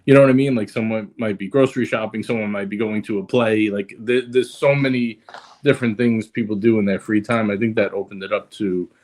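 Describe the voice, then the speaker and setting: A man's voice: on the low side, steady tone, a little fast, darkish tone, a little hiss or hum. A man chatting casually on a livestream, hesitant, with many fillers and restarts. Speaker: guest on a watch livestream.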